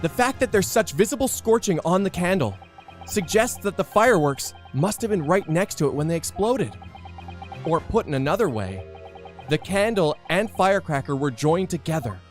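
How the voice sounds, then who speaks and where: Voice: medium pitch, animated, moderate pace, faint music behind. Giggly streamer reading game lines aloud. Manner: laughs often, reads lines with dramatic flair. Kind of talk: playful let's play commentary.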